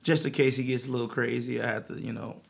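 A man with a slightly gravelly voice tells a story in an earnest, animated way, stumbling and restarting as he goes. His pitch sits in a middle range, and the talk feels heartfelt and unpolished. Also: quick pace. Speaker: musician guest. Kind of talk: storytelling interview.

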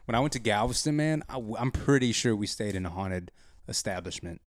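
A man's voice: fairly low pitch, animated, a little fast, dry recording, studio quality. A man co-hosting a podcast in casual chat, rambling and joking informally. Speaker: podcast co-host.

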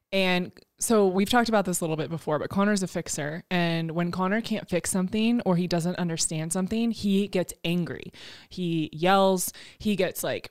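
A woman's voice: lowish voice, no echo, clean studio sound. A woman hosting a podcast, talking frankly and earnestly about her own experience with her partner. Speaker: podcast host. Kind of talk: candid podcast conversation.

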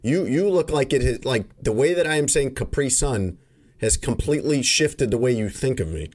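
A man from Chicago chats casually as a podcast host. His voice sits in a middle pitch. He tells long, rambling stories with loose asides. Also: lively intonation, normal speed, darkish tone. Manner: chatty, rambling storyteller. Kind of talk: casual chat.

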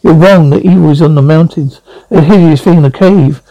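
A man's voice: on the high side, fairly quick, dark tone, no room sound, highs cut off, lightly acted. A man reading Travis, a blunt older explorer. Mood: insistent.

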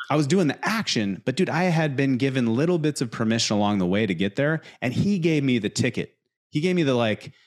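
A man in casual conversation, telling stories with lots of fillers, in an animated way. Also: mid-range voice. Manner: animated storyteller, fillers like dude. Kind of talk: casual chat.

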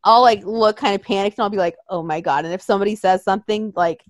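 A woman's voice: mid-range voice, fast, dry recording, studio quality. A young woman telling a story in casual chat, swearing often and acting out quotes in voices.

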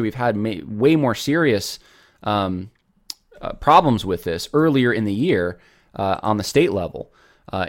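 A man hosting a casual commentary show, earnest and rambling with many restarts. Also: on the low side.

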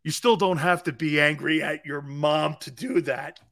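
A middle-aged man hosting a sports talk show, loud and boisterous, laughing often and mocking people in impressions. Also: fairly high pitch, normal speed, vocal fry.

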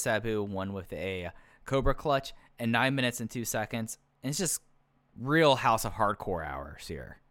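A man's voice: medium pitch, fairly bright tone, no echo. A man co-hosting a casual wrestling review podcast, easygoing and self-deprecating with rambling thoughts. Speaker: podcast co-host.

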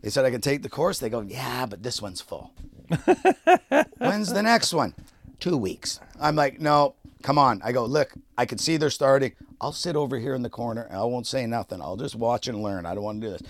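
Man, podcast co-host, swearing a lot, animated storytelling, casual chat. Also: medium pitch, a little fast, no room sound. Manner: animated, profane, laughs often.

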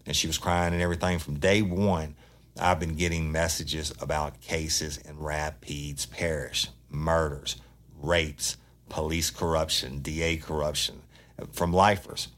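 A man's voice: very deep voice, little pitch movement, a little slow, fairly bright tone. A man hosting a true crime podcast, talking bluntly and heatedly in a casual monologue, swearing freely.

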